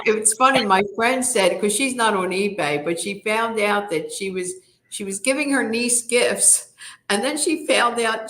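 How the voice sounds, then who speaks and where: A woman in her fifties, a guest in an interview, telling candid personal stories in a frank, animated way with many fillers. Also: fairly high pitch.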